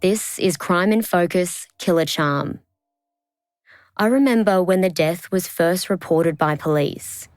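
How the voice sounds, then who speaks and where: An Australian woman journalist narrating a true-crime podcast in a measured, deliberate scripted style. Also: fairly low pitch, no echo, rough recording. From Brisbane, Australia. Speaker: investigative journalist and podcast host.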